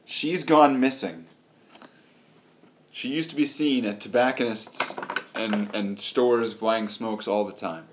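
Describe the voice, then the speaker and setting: A man reading out a mock missing-person notice slowly and formally. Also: fairly low pitch, slight background noise.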